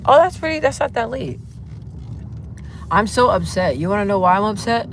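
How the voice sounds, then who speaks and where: A woman hosts a live stream from her phone while she is behind the wheel. She talks in a lively, expressive way, and her pitch shoots up without warning when she gets worked up. A soft hum of car noise sits under her voice. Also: normal speed. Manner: animated, venting, with sudden jumps in pitch. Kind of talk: casual live-stream chat with viewers. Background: faint car noise.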